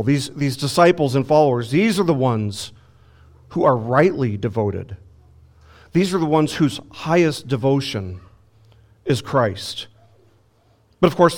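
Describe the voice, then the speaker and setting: A man preaching an expository sermon as a pastor, emphatic, slowing down to stress key words and asking the congregation rhetorical questions. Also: medium pitch. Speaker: pastor teaching a Bible lesson.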